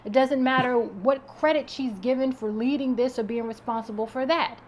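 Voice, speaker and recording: A woman co-hosting a casual talk, her slightly high voice pressing each point earnestly and repeating it for weight. A faint hiss of noise sits under her speech. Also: normal speed, darkish tone. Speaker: podcast co-host. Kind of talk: casual chat.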